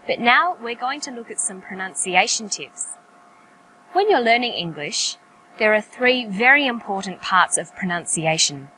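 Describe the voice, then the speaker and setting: A woman narrating an English pronunciation lesson in a clear, careful, explanatory way. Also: mid-range voice, very animated, moderate pace, bright, forceful tone, a little hiss or hum, rough recording. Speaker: English teacher.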